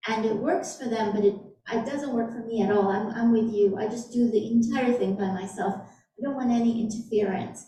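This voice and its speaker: A woman's voice: on the high side, normal speed, mellow. Chatty woman moderator, echoey room. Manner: agreeable, chatty. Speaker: event moderator. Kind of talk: conversational moderating. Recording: echoey room, distant mic.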